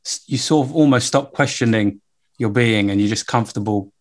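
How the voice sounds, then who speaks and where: A man hosting a podcast, relaxed and hesitant, with many fillers. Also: medium pitch, brisk. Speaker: podcast host. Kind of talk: casual chat.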